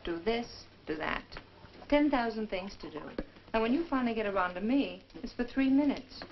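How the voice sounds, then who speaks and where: A woman's voice: a little high, lively intonation, moderate pace, slight background noise. A spirited, coaxing young woman. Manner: playful, coaxing, reproachful. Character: spirited young woman, captain's daughter, affectionate. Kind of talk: 1950s western film acting. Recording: dull old film soundtrack with loud violin music.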